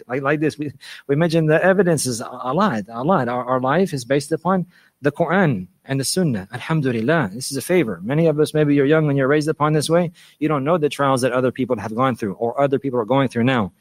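Male Islamic lecturer, brisk delivery, repetitive emphatic phrasing, dry close sound. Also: mid-range voice, dry recording. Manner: repeats phrases for emphasis, mixes in Arabic phrases. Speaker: Islamic preacher and teacher. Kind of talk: religious lecture.

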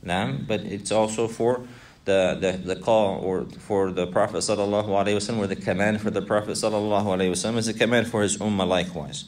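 A man's voice: on the low side, fairly even intonation, fast, a little mellow. A man teaching an Islamic text to a class, reciting Arabic, repeating points and putting questions to his students. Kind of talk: classroom lesson explaining a text.

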